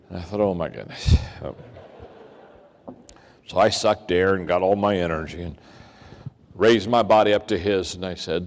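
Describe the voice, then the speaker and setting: In a large hall with long reverb, an older man gives a storytelling leadership keynote, talking a little fast and pausing often. He's animated, acting out the people he quotes with big pitch swings.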